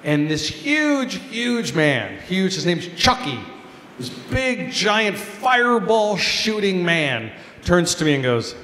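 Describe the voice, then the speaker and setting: A man, a comedian, telling a lively story at a gala, talking animatedly. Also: high-pitched, slow pace. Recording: echoey hall, faint noise.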